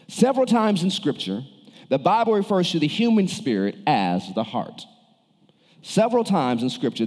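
In a sermon with a big-room sound, the pastor's voice sits a little high. He preaches with changing emphasis, putting questions and cues to the congregation.

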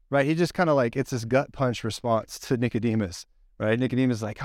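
Fast-talking man preaching a casual sermon. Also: mid-range voice, dry recording, studio quality. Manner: animated storyteller, acts out quoted lines. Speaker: pastor.

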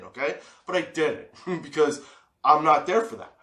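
A man's voice: fairly high pitch, big pitch swings, normal speed, sharp tone. A man telling a story in a casual, profane way, laughing often and re-enacting scenes. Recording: echoey room.

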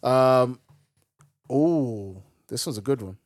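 A young man co-hosting a casual podcast chat, easygoing and quick to laugh and agree. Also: medium pitch, lively intonation, a little mellow, no echo, studio quality. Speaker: podcast co-host.

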